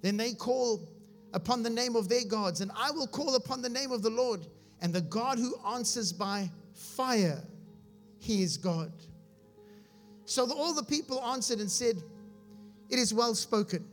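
A man's voice: very high voice, a little slow, soft background music. A man preaching, reading scripture aloud and explaining it with humor, often asking if his listeners follow. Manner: asks his audience if they follow. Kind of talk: sermon.

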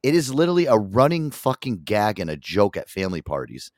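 Deep-voiced profane man. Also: fairly quick, no room sound, studio quality. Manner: profane, animated storytelling. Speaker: podcast host. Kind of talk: casual chat.

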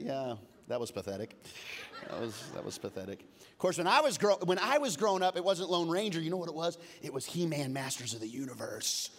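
Animated male pastor in a reverberant hall. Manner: lively storytelling, humorous asides; swings from loud and animated to low and hushed. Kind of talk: sermon. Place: church auditorium. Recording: long reverb of a large hall.

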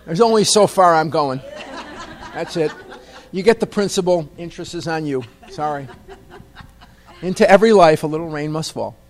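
A man's voice: on the high side, moderate pace, pauses often. A man telling a humorous, self-deprecating personal story to a meeting audience. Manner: self-deprecating, wry, conversational. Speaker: speaker at a recovery meeting.

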